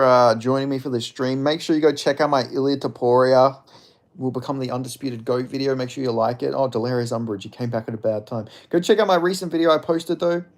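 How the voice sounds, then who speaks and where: A man hosting a casual livestream, rambling about fights, reading chat aloud and jokingly apologizing. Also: mid-range voice. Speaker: livestream host.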